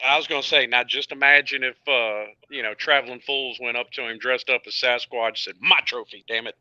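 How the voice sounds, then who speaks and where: Bright-voiced easygoing man, muffled feed. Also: mid-range voice, fairly even intonation, fairly quick. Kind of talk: casual banter. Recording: muffled lo-fi stream audio.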